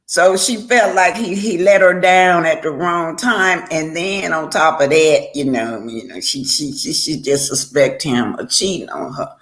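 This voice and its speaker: A woman's voice: low-pitched, unhurried, few pauses, fairly bright tone, faint music behind. An older woman, a grandmother, talking casually on a live stream and giving heartfelt life advice, preachy in tone and often stumbling and restarting her words.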